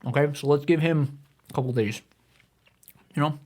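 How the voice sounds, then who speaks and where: A man's voice: on the high side, moderate pace, darkish tone. A man around thirty hosting a comedy podcast, ranting in a profane, heated way with stammering restarts. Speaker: podcast host. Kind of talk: profane comedic rant monologue.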